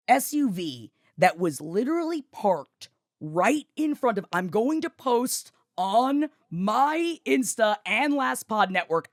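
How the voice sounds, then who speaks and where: Animated woman telling a story. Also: a little high, no echo, studio quality. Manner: animated storyteller, shouts when reenacting. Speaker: podcast co-host. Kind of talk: casual chat.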